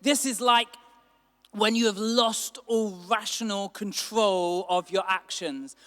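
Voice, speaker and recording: A man preaching a sermon as a pastor, animated and acting out quotes with sudden bursts of loudness. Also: sits high, slow. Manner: animated, acts out quotes with big swings in loudness. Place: church hall. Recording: long hall reverb.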